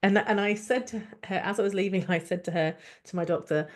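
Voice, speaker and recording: A woman doctor hosting a podcast, speaking in a candid, reflective monologue, frank and expressive and thinking aloud with many restarts. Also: medium pitch, fairly quick, hardly any pauses. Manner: frank and expressive, with laughs and the odd swear.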